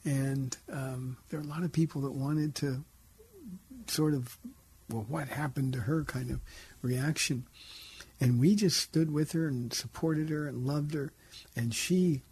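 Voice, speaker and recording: A man's voice: medium pitch, darkish tone, slightly rough. A man who is a pastor hosts a radio call-in show, answering listener questions in an earnest, conversational preaching manner from a studio.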